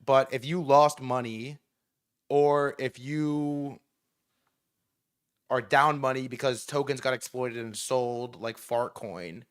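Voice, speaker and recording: A man hosting a casual livestream from outdoors, excitable and profane, rambling with many restarts. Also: mid-range voice, slow, smooth. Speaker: livestream host. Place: outdoors in New York City.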